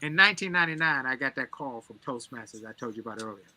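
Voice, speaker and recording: A man's voice: medium pitch, expressive, quick pace, pushed and bright. A man giving a motivational talk as an interview guest, driving his points home with emphatic, preacher-like repetition. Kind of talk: energetic motivational storytelling.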